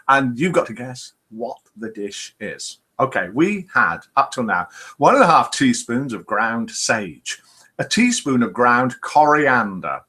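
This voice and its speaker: A man's voice: mid-range voice, pushed and bright, husky. A man hosting a live online show, chattily reading out scores and greeting viewers by name. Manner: chatty, reads out scores and names. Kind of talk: casual live-stream hosting.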